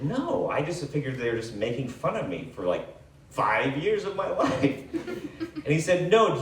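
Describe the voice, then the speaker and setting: A man doing live stand-up, telling a rambling, self-deprecating story with lots of fillers and quick asides. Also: medium pitch. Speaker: stand-up comedian. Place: comedy club stage. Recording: echoey room, distant mic, faint hiss.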